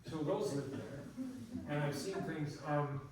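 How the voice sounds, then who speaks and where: A man's voice: on the high side, a little slow, background noise. Rambling older man in an echoey hall. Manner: rambling, tangent-prone, laughing often. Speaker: guest speaker, botanist. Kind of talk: casual storytelling talk. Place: hall at a public talk. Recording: echoey room, distant mic.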